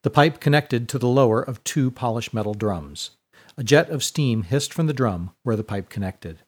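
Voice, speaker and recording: A man narrating a scripted story in a steady, descriptive way. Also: medium pitch, normal speed.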